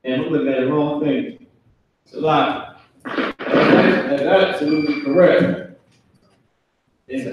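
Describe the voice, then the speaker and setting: A man's voice: a little high, far from the mic, a little hiss or hum. A man teaching a live online Hebrew class in a classroom, loose and joking, slangy, acting out voices for laughs. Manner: loose, jokey, slangy, acts out kids' voices. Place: classroom with a whiteboard. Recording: echoey room, speaker away from mic.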